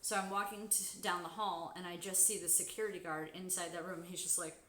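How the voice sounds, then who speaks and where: A woman telling a story in casual chat while sewing on a live stream, swearing freely and bursting into loud, high exclamations. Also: fairly even intonation, fairly quick, a little hiss or hum. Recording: echoey room.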